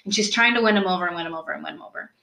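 Young woman, podcast host, casual true-crime storytelling, bright voice, roomy echo. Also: on the low side, rapid-fire, vocal fry. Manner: chatty, animated, lots of "like" and rhetorical questions.

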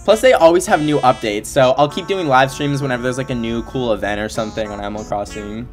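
A man livestreaming a game in casual chat, excitable and emotional, gushing over what he sees, at his desk at home. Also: mid-range voice, fast. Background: faint game music.

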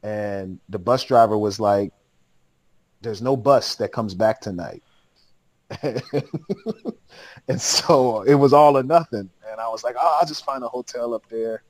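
A man's voice: fairly low pitch, a little slow, pauses often, dry recording, rough recording. A man, a podcast guest, telling a long story in casual, slangy speech with lots of laughter.

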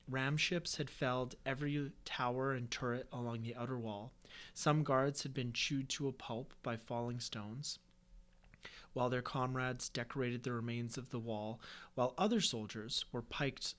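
A man with a voice of ordinary pitch, hosting a podcast. He reads a fantasy story in a casual tone. He keeps breaking off to add joking asides. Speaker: podcast host.

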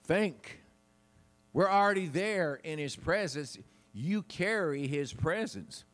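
A pastor preaches in a church sanctuary through a wireless handheld mic, folksy and chatty, laughing often. His voice is on the high side and fairly bright, with lively intonation and a slow pace.

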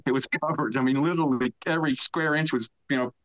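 Profane, animated man telling a story. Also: mid-range voice, fast talker, lo-fi sound. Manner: animated, profane storyteller who acts out shouted quotes. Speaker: podcast guest. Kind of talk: casual storytelling interview.

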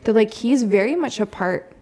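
A woman in her thirties, a mother telling a story in a relaxed, chatty way, full of "like" and soft laughs. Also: fairly high pitch, normal speed. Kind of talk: casual storytelling chat.

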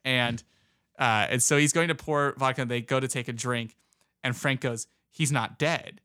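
A man's voice: medium pitch, steady tone, moderate pace, sharp tone, smooth, no echo, clean studio sound. A man casually recapping a movie plot in a chat, rambling with lots of fillers. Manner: rambling retelling with many fillers.

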